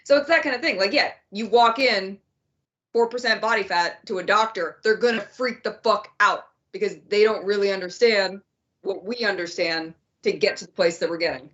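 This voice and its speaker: A woman's voice: medium pitch, normal speed, a bit bright, highs cut off. A woman co-hosting a fitness podcast, talking bluntly and emphatically with frequent swearing. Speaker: podcast co-host. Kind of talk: casual podcast chat.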